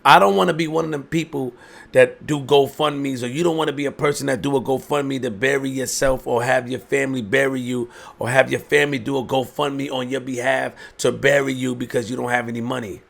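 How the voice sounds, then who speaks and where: A man's voice: mid-range voice, steady tone, fairly quick, vocal fry, a bit bright. A man delivering an emphatic opinion monologue, preaching and firing rhetorical questions. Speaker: commentary host.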